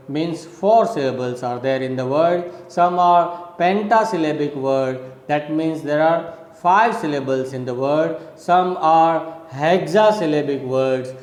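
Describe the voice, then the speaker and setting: In a recorded classroom lecture, a male college lecturer with a voice on the high side walks through poetry step by step. He explains slowly and repetitively, frequently checking in with "okay?" The low-quality recording is reverberant, with a big-room sound.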